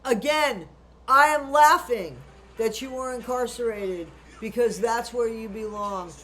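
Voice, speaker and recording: A woman with a notably high voice delivers true crime commentary in a ranting style. She is blunt and indignant and swears freely. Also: measured pace, fairly bright tone.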